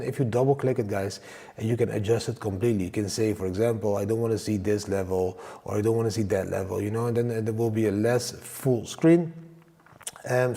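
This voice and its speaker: Upbeat man with a mellow voice. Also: on the low side, big-room sound. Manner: enthusiastic, repeats "guys" and "for example". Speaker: crypto YouTuber. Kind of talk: casual monologue with trading and travel tips.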